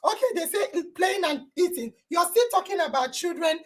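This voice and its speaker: High, lively woman hosting. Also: brisk. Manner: exuberant, exclaiming and praising loudly. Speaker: podcast host. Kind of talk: live online talk show with quiz questions.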